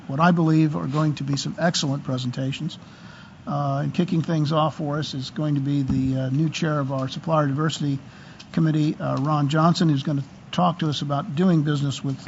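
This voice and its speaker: Raised-pitch male meeting chair, gravelly, hesitant with fillers. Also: darkish tone, dull audio, a little hiss or hum. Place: meeting room.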